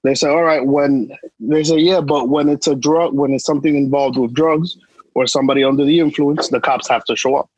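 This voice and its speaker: Young New man, podcast co-host, husky and fairly high, emphatic street slang, dry close sound. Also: steady tone, a little fast, a little mellow, no echo, highs cut off. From New York. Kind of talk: casual storytelling chat.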